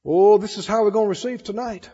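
A man preaching a sermon, animated, swinging between loud emphasis and soft asides. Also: high voice, fast talker, breathy edge, big-room sound, muffled recording.

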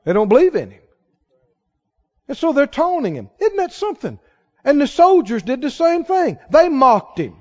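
A man preaching a sermon who swings between quiet asides and shouted exclamations, asking the congregation question after question. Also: very high voice, wildly swooping pitch, moderate pace. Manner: fires rhetorical questions at the congregation. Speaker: pastor. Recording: dull lo-fi recording.

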